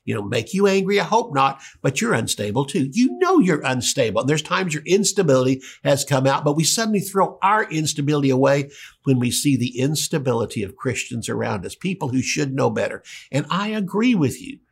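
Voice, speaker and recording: A man preaching a sermon, earnest and emphatic, swinging between raised peaks and quiet low passages. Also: big pitch swings, fairly quick, vocal fry, husky.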